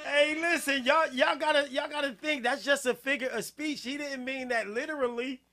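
A man hosting a music-review show in casual live-stream talk, laughing constantly, shouting "hey, yo" and repeating himself. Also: very high-pitched, fairly even intonation, moderate pace. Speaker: podcast host reviewing music.

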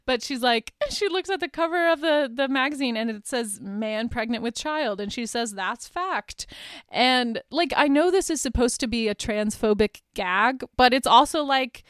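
A woman with a somewhat high, smooth voice recaps a movie for her podcast. She rambles casually, scattering "like" and "um" and small laughs through her sentences. The sound is close and dry, with no room around it. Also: moderate pace, few pauses, fairly bright tone, dry recording. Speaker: podcast host.

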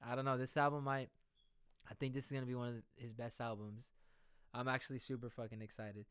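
A man reacting to a new song in a casual, excitable, slangy way, thinking out loud as he listens. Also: mid-range voice, fast, clear, resonant tone. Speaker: music reaction vlogger. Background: music playing.

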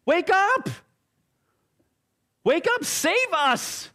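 A man voicing a frantic fisherman who shouts high and strained orders at his rowers. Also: big pitch swings, very slow, exaggerated voice.

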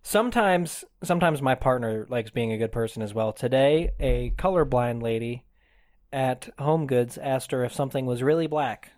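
A man's voice: mid-range voice, moderate pace, a little mellow. A man co-hosting a casual comedy podcast, easygoing and agreeing along with his friend. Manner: laid-back, agreeable, echoes his partner. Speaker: podcast co-host.

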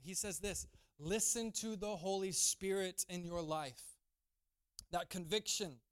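A man's voice: sits high, a little slow, clean tone, no room sound, studio quality. A man preaching a sermon, acting out quoted lines and building to emphatic peaks. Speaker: pastor.

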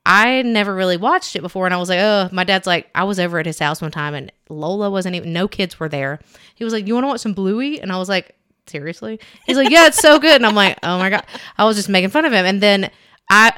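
Here a young woman co-hosting a podcast speaks in a mid-range, fairly bright, clean voice. She tells stories in casual chat, with many fillers and restarts.

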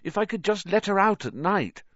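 A man's voice: high-pitched, animated, normal speed, a bit bright, no room sound, lo-fi sound, voice pushed up. A man voicing a frustrated young boy who pleads and gets irritable. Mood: pleading.

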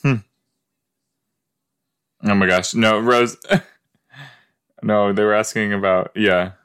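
A man's voice: on the low side, fairly even intonation, takes it slowly, fairly bright tone, smooth. A man hosting a casual watch-along podcast, chatty and full of exclamations, often trailing off mid-thought. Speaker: podcast host reacting to a sitcom.

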